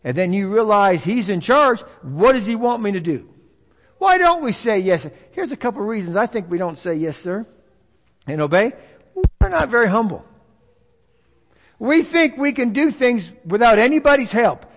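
Animated high-voiced preacher in a hall. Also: male voice, normal speed. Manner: animated, folksy, acts out voices of others. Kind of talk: sermon. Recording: long reverb of a large hall.

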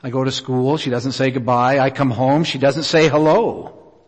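A middle-aged man preaching a sermon, telling a personal story in an earnest, unhurried way with many pauses. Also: medium pitch, little pitch movement. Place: church auditorium. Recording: reverberant hall.

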